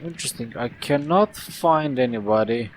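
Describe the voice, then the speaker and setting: A man's voice: medium pitch, expressive, normal speed, slight background noise, low-quality recording. A man, playing and commenting on a detective game in a rambling, playful way. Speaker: let's play host. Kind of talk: gameplay commentary.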